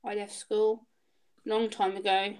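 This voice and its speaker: A woman's voice: mid-range voice, little pitch movement, measured pace, a little mellow, a little hiss or hum. A woman in her late twenties chatting casually in a group, telling stories and acting out both sides of each exchange. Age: 20s. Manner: chatty storyteller, acts out both sides of dialogues. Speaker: autism trainer.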